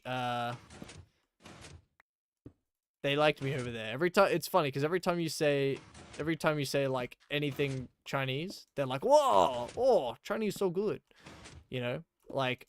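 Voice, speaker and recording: A man's voice: medium pitch, a bit bright, a little hiss or hum. A man chatting casually and rambling while playing a game on a live stream, with many fillers.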